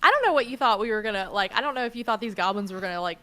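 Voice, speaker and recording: A woman's voice: mid-range voice, expressive, racing, a bit bright. A woman narrating a tabletop game as game master, loose and conversational, full of "like" and "sort of".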